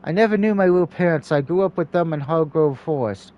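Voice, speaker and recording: A guarded young woman in armor opening up in a hushed, confiding way, voiced by a man reading a game aloud. The voice is slightly higher than his everyday speech. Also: fairly quick, highs cut off, natural voice.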